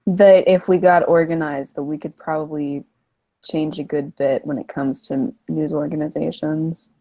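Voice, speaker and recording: A woman's voice: low voice, steady tone, normal speed, mellow. A woman co-hosting a casual livestream, talking in a wry, offhand way. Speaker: co-host.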